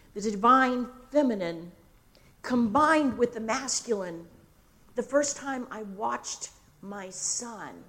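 Slow, expressive older woman minister. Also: a little high. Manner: slow, expressive storytelling with dramatic pauses. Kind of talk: sermon.

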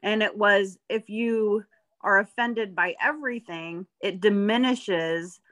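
A woman's voice: mid-range voice, slow, fairly bright tone. A woman co-host and coach, talking in a reflective, chatty way with frequent restarts. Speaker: podcast co-host, life coach. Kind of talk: casual chat.

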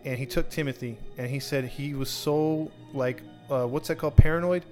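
A man at a middle pitch tells a true crime story in a loose, rambling way. He restarts often and slips into quick quoted dialogue. Faint music sits under his voice. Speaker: podcast host telling a true crime story. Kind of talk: casual storytelling.

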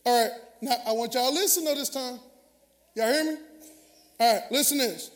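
A man's voice: very high-pitched, a little fast. A man preaching a sermon as pastor, talking with the congregation in call-and-response. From Southern US. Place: large church sanctuary. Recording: long hall reverb.

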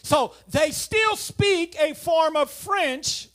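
A man preaching a sermon, telling a family story, then driving home points with loud emphasis and quiet asides. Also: very high-pitched, very slow. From South Louisiana.

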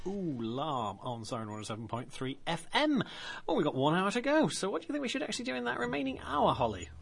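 A man's voice: on the high side, very animated, fast talker, creaky, breathy edge. A man presenting a community radio show, chatty and jokey with guests and co-host. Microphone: studio microphone.

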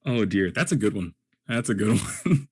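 A man in his twenties, co-hosting a podcast, telling a funny story in a casual, animated way. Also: fairly low pitch, normal speed, breathy edge, no echo. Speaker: podcast co-host.

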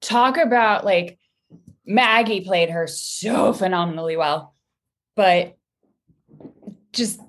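A woman being interviewed as a guest actress, chatting lively and laughing often. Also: mid-range voice, slow, long pauses. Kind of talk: casual interview chat.

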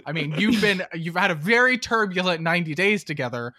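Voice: medium pitch, expressive, a little fast, sharp tone, no echo, clean studio sound. A podcast co-host in a casual chat, mocking a movie with sarcastic asides and exasperated acted-out reactions.

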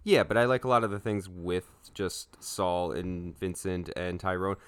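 A man's voice: low-pitched, fairly even intonation, moderate pace, clean tone, no room sound. A young man co-hosting a casual movie review chat, laid-back, swearing freely and laughing often. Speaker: podcast co-host.

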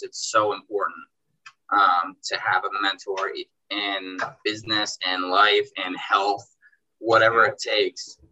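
Bright-voiced young man telling stories. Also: fairly low pitch, highs cut off. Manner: animated, acts out dialogue in quotes, says bro and dude. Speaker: car detailing business owner. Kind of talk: casual storytelling in a podcast chat.

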